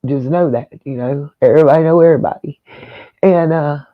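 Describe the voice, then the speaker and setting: A man's voice: fairly high pitch, a little fast, no room sound, phone-quality sound. A man hosting a casual livestream, talking straight to his viewers in an emotional, rambling way. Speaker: livestream host.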